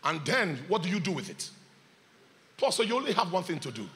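Male preacher, high lively voice, bright and forceful, reverberant church hall. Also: brisk. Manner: animated preaching, swings from shouting to hushed. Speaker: pastor. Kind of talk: sermon.

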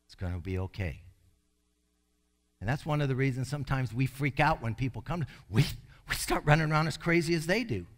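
A male pastor preaching a sermon in an emphatic way, with sudden loud bursts. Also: medium pitch, expressive, brisk.

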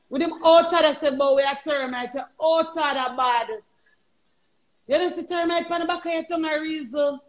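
A Jamaican woman live streaming, ranting loudly and mockingly with heavy cursing. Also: sits high, low-quality recording.

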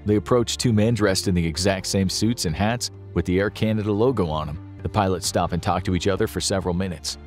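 Narrator, male, very low voice, steady dramatic delivery, scripted. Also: brisk, few pauses, soft background music.

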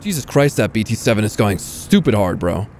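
A man with a fairly low voice talks through his tank match in a casual, excitable way, swearing freely and taunting the enemies he spots. He sounds like a gaming creator recording at home, and faint game noise sits under his voice. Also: a little fast. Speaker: gaming YouTuber. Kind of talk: casual gameplay commentary.

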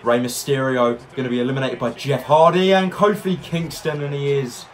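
A man giving excitable let's-play commentary, narrating each move and reacting loudly as he plays. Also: mid-range voice, moderate pace. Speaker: gaming YouTuber.

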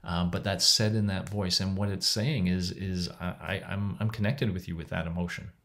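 A middle-aged man records a casual lecture from home, his voice low and steady at a normal pace with some vocal fry. He talks conversationally and rambles, restarting sentences and laughing softly.

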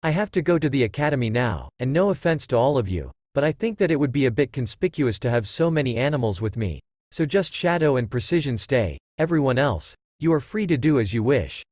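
A proud, insistent boy ninja , as a man reading the story puts him on. His voice rises and falls in a lively way. The sound is dry and close. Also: mid-range voice, fairly quick, few pauses, no room sound.

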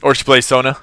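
Chatty gamer man with a bright, crisp voice. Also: on the high side, no room sound, clean studio sound. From California. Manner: chatty, laughs often, greets and answers chat. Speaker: live-streaming gamer. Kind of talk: casual live-stream commentary.

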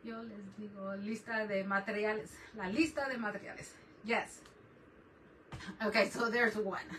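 A woman with a mid-range voice, fairly even intonation, and a sharp tone speaks at normal speed while hosting a craft stream from her desk at home. She chats, laughs a lot, and greets viewers by name; a distant mic catches faint background noise.

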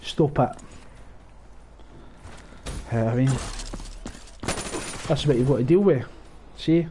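A man giving live, profane, rambling commentary over his own gameplay, breaking into excited outbursts. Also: medium pitch, takes it slowly, noisy background. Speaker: gaming channel host.

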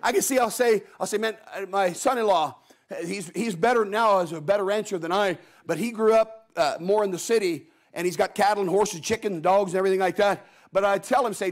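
Folksy animated man preaching. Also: high-pitched, fairly quick. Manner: folksy, animated storytelling with acted-out quotes. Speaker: guest preacher. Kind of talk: Sunday evening sermon.

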